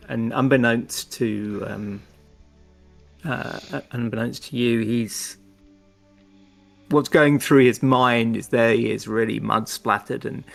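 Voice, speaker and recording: Gravelly man narrating his game character. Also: medium pitch. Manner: rambling, with many fillers and restarts. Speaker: tabletop game player.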